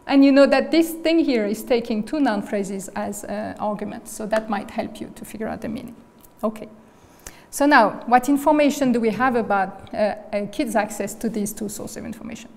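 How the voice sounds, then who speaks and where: Her voice leans high and moves at an ordinary pace as she gives an academic lecture as a visiting speaker. The hall is echoey, and she explains each point in sequence, regularly asking "okay?" and "right?".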